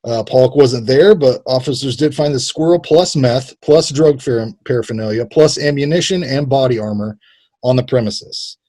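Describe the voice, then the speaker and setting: A man's voice: mid-range voice, normal speed, warm tone. A man co-hosting a casual comedy podcast, reading odd news headlines, laughing often and slipping into joking drawls. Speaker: podcast co-host.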